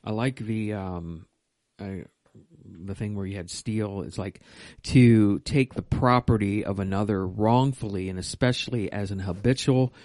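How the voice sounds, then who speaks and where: A man co-hosting a podcast, chatting casually in an animated, joking way. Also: fairly low pitch, no room sound. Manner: animated, joking, quick to laugh. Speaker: podcast co-host. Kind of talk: casual chat.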